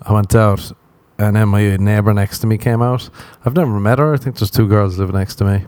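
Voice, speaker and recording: A man's voice: on the low side, steady tone, fairly quick, darkish tone, no echo. A young man hosting a solo comedy podcast, rambling with crude jokes. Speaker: podcast host.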